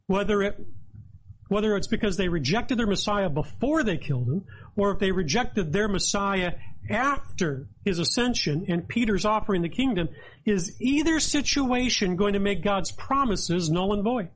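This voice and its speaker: A man with a high voice preaches a sermon. He talks with earnest emphasis and reads scripture aloud as he explains it verse by verse. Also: animated, moderate pace, low-quality recording. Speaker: pastor.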